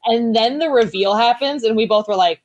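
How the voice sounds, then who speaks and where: Animated woman recounting her reactions. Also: on the high side, fairly quick, lo-fi sound, a loud crowd. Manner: animated storytelling, acting out her own past reactions. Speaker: guest reactor on a panel. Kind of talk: casual panel discussion.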